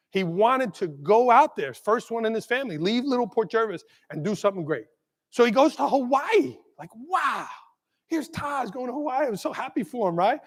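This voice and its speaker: High-voiced man telling a keynote story. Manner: animated, checks in with the crowd with constant "right?". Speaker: keynote speaker, school leader. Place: large conference hall. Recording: long hall reverb.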